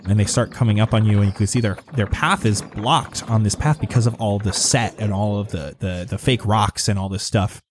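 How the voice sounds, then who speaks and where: A man's voice: fairly low pitch, a little fast, hardly any pauses, slight background noise. A man narrating a tabletop game as game master, describing scenes loosely with lots of fillers.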